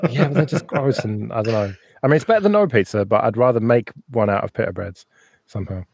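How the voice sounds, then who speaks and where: A man's voice: mid-range voice, lively intonation, fast talker, creaky, a little mellow. A man hosting a casual live-stream chat, chatty and laughing often, sometimes swearing. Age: older than a younger co-host. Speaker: podcast host.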